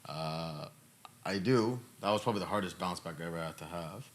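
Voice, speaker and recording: A male podcast host, choked up and emotional, answering questions in a reflective, halting way with many fillers. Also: low voice, steady tone, a bit bright.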